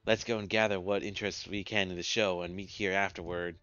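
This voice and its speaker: A man voicing a smug, money-minded male loan shark, reading the lines quickly and wryly in a game playthrough. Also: low-pitched, fairly even intonation, fairly bright tone, clean tone, no echo. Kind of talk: let's play character voice. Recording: dull lo-fi recording with game music.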